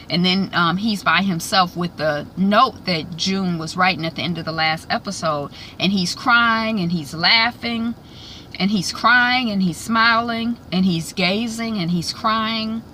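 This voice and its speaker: A woman host chatting casually in a vlog recap, rambling with many fillers and restarts, now and then bursting with excitement. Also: on the low side, a little slow, a little hiss or hum.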